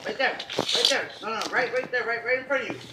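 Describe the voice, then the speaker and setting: A man's voice: very high voice, fairly even intonation, fast talker. A man chatting casually from behind the camera and giving short directions. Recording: distant, echoey, noisy.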